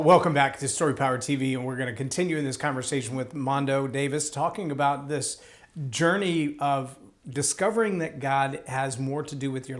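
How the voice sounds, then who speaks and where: A man hosting a faith-based TV interview show, introducing the topic in religious terms and prompting his guest to go on. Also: medium pitch. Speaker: TV interview host. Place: TV interview set.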